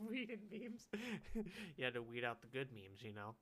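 A man's voice: medium pitch, sing-song, unhurried, a bit bright. A young man telling rambling stories on a casual podcast, laughing often. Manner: giggly, rambling storyteller. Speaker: podcast co-host. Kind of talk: casual chat.

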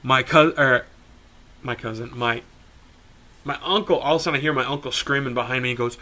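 A young man, a podcast co-host, telling a story in casual talk, animated, swearing freely and laughing as he goes. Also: mid-range voice, brisk, pauses often.

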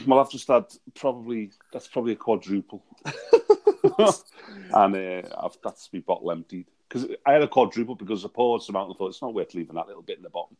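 A man's voice: lowish voice, brisk, darkish tone. A man co-hosting a casual chat, laughing and swearing freely over a remote call. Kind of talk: casual banter. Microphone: remote call with headphones.

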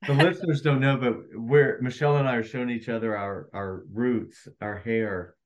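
A man's voice: mid-range voice, moderate pace, slight background noise. A man who is an actor, a guest on a podcast, chatting casually and agreeing readily. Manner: easygoing, agreeable, affirms often. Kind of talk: casual chat.

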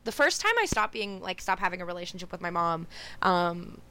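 A young woman with a bright, clean, smooth voice, recorded dry and close on a remote call. She tells a personal story in an easygoing, candid way. She swears without a second thought and slips into the voices of the people she quotes. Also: fairly low pitch, lively intonation, brisk, no echo. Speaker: podcast guest. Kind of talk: casual storytelling chat.

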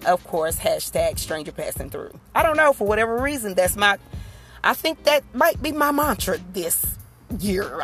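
A woman talks through a casual solo podcast in a middle-pitched voice. She keeps checking in with her listeners through rhetorical asides. Faint music plays softly behind her. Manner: conversational, rhetorical asides like "you understand?". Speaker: podcast host.

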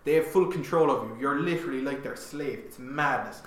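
A young Irish man telling stories in casual chat, animated and swearing often, with plenty of "like" fillers. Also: mid-range voice, fairly quick, a little hiss or hum. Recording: roomy echo.

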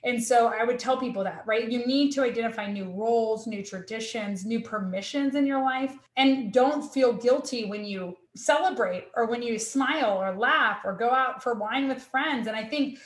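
A woman's voice: on the high side, moderate pace, few pauses. A woman in her thirties telling her own story in conversation, earnest and reflective, often quoting her own thoughts aloud. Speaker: guest sharing her story. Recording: echoey room.

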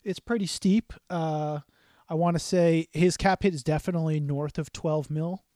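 A man with a fairly high voice co-hosts a sports podcast, chatting in a relaxed, hesitant way. His speech is full of fillers. The recording is dry and close. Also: normal speed, dry recording. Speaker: podcast co-host. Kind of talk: casual sports talk.

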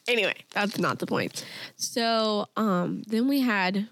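A woman's voice: medium pitch, takes it slowly, slight background noise. A young woman chatting casually and telling a long personal story, with plenty of fillers and restarts. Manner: rambling storytelling with many fillers. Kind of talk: casual chat.

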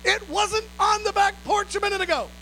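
Man doing a shrill excited wife, high yelling voice, startled. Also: fairly quick, slight background noise, full character voice. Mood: alarmed excited.

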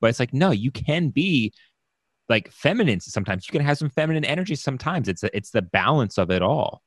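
A man's voice: mid-range voice, very animated, brisk, no room sound, studio quality. Agreeable man podcast host. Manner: agreeable, reflective, brief reactions. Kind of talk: podcast conversation.

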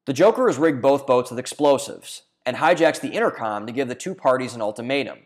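A man's voice: mid-range voice, expressive, a little fast. A man narrating a scripted video essay in an earnest reading manner, now and then stumbling and restarting a phrase.

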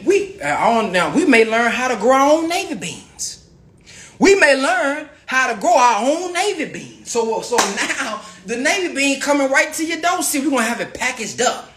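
A man talks straight to his live viewers, swinging his pitch up and down with plenty of life as he hypes them up. He circles back over his points and keeps calling out to the crowd. His voice rings a little in a roomy space. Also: a bit bright. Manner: emphatic, repetitive, calls out to the audience. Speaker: livestream host promoting a farm venture.

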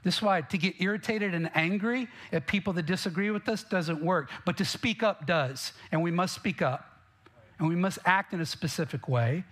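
A man's voice: sits high, moderate pace, a bit bright. A man preaching a sermon as pastor, emphatic and direct, often asking the congregation questions.

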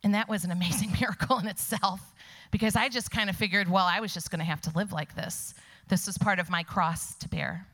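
Bright-voiced woman giving church testimony. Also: mid-range voice, fairly quick. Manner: animated storyteller who drops to soft whispers for emphasis. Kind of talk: personal testimony in a church service. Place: church sanctuary before a congregation.

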